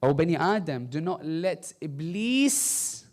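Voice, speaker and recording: A man giving an impassioned sermon, swinging between soft, low passages and loud, high bursts, with recited Arabic phrases. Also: measured pace, vocal fry. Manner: impassioned, rising and falling delivery with Arabic recitation. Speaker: speaker. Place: mosque hall.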